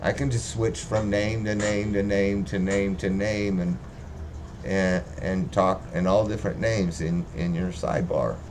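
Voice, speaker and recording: A man's voice: sits low, fairly even intonation, a little slow, darkish tone, slight background noise. A man rambling casually and profanely on a livestream, joking as he talks. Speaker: livestream host.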